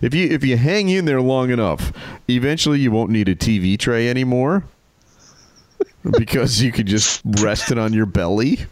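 A man's voice: medium pitch, animated, normal speed, dry recording. A man co-hosting a podcast, telling wry jokes and stories in casual chat. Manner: joking, wry storyteller. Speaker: podcast co-host.

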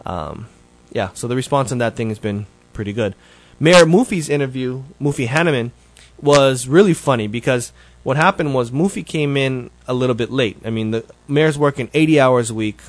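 A man's voice: mid-range voice, moderate pace, few pauses, dry recording. A man hosting his show, giving a casual, rambling update that is full of self-corrections. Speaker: show host.

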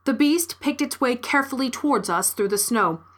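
A woman's voice: high voice, lively intonation, normal speed. A woman reading a short story aloud. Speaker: story reader. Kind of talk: scripted narration of a short story.

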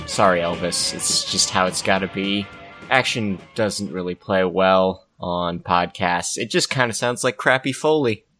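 A man's voice: sits low, a little slow, pushed and bright, soft background music. A man co-hosting a casual podcast chat. He is wry and rambling, with many restarts. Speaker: podcast co-host.

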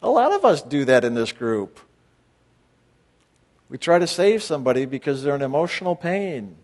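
A man's voice: a little high, very animated, normal speed, a little mellow. Blunt, confrontational male retreat leader. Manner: blunt, confrontational, fires rhetorical questions; preachy and direct, with sudden emphatic bursts. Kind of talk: group talk to retreat participants.

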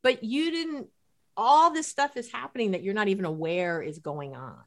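A woman's voice: medium pitch, moderate pace. A middle-aged woman from New York City, a couples therapist telling stories in a podcast conversation and acting out what people said. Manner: animated storyteller who acts out quotes.

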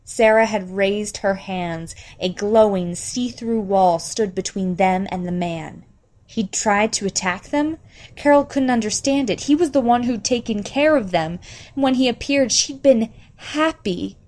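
A woman narrating an audiobook in an even, steady storytelling voice. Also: medium pitch, measured pace.

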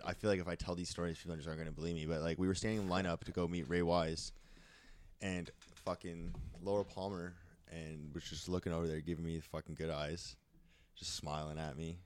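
A man co-hosting a podcast, telling con stories in a rambling, animated way with lots of swearing, a bit sweaty and out of breath. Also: sits low, a little fast. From Canada. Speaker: podcast co-host. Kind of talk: casual storytelling chat.

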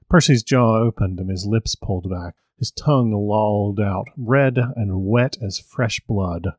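A man who hosts a podcast, reading a story aloud in an even, measured way. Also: lowish voice, no echo.

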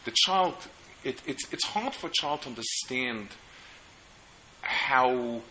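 A man lectures at a seminar in a very bright, sharp voice. He is earnest and stops and restarts as he tells stories to make his points. Faint hiss sits behind him. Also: mid-range voice, lively intonation, rough recording. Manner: earnest, storytelling, halting restarts. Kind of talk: lecture on parenting.

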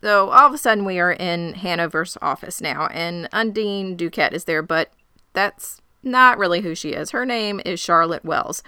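A woman with a smooth, crisp and bright voice recaps scenes enthusiastically in casual chat. The recording is dry and close, with no room sound. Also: on the low side, normal speed, no room sound. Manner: chatty, enthusiastic storytelling with laughs. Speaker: podcast co-host. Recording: very clean, dry close mic.

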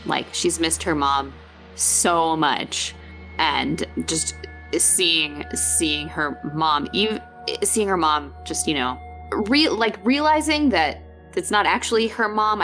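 A woman playing a tabletop game, talking in halting, emotional bursts. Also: mid-range voice, expressive, a bit bright, faint music behind. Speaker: player. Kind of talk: casual tabletop play.

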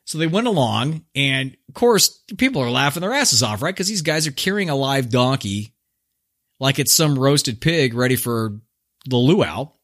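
A man's voice: mid-range voice, expressive, normal speed, fairly bright tone. A man hosting his own podcast, retelling an old fable in a laid-back, slangy, joking way. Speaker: podcast host. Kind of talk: casual storytelling monologue.

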